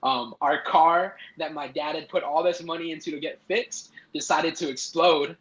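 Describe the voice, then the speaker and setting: A man's voice: on the high side, steady tone, moderate pace, fairly bright tone. A young man, a podcast guest, telling a personal story casually, with many fillers and restarts. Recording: echoey, dull lo-fi sound.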